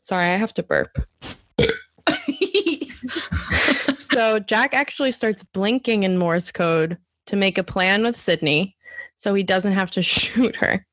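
A woman's voice: mid-range voice, takes it slowly, long pauses, fairly bright tone, dry recording. Giggly woman recapping a TV show. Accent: strong regional American accent. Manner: giggly, chatty, self-interrupting. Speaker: podcast co-host. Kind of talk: casual chat, recapping a TV episode.

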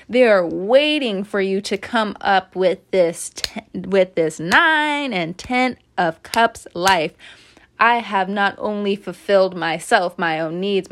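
Woman tarot reader, unhurried and chatty, mid-pitched, laughs easily. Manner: chatty, animated, laughs often. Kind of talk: casual spoken tarot reading.

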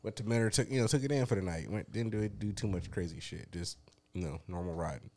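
A man telling a long story in a casual, profane chat, acting out quotes with sudden high-pitched outbursts. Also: fast, darkish tone, a little hiss or hum.

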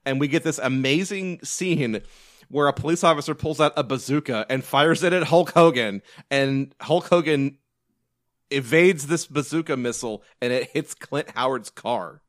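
A man's voice: medium pitch, moderate pace, no echo. A man rambles through a casual movie podcast chat. He restarts often and swears now and then, in a dry, close recording. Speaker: podcast co-host.

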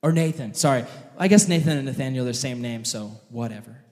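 A man preaching an animated, jokey sermon, addressing his audience directly as he tells a story. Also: medium pitch, fast. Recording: long hall reverb.

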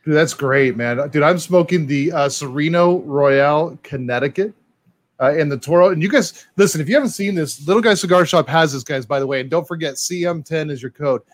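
A man co-hosting a live stream, chatty and excitable, calling out viewers' comments. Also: fairly high pitch, a little fast, no echo. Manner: excitable, chatty, says "dude" and "man" a lot. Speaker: co-host reading live comments. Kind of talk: casual live-stream chat.

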